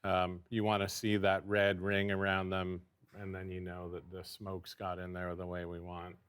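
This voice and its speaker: A man guest chef explaining his cooking in a relaxed, hesitant way with frequent ums. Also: sits low, moderate pace, smooth. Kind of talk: casual explanatory chat.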